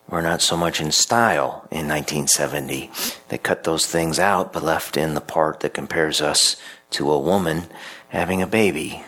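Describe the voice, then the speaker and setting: A male priest reading scripture aloud and then preaching a homily in a measured, deliberate way. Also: low-pitched, a bit bright, rough recording.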